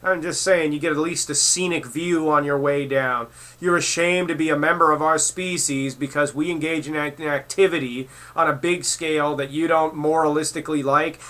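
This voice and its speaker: A man's voice: on the high side, fairly even intonation, moderate pace, sharp tone. A man delivering a profane, mocking rant as a commentary vlogger, heated and insulting. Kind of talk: angry rant reacting to clips.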